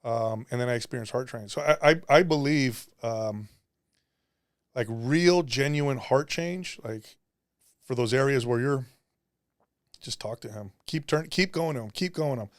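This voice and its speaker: A man's voice: medium pitch, unhurried, dry recording, studio quality. A man guest on a podcast, talking earnestly and confessionally about prayer, often acting out what he said to God. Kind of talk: candid faith conversation.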